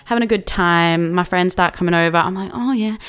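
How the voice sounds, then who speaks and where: A woman's voice: lowish voice, steady tone, brisk, fairly bright tone, clean tone. A young Australian woman in her twenties telling a story in a casual vlog, chatty and profane, full of likes and laughing asides. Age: 20s.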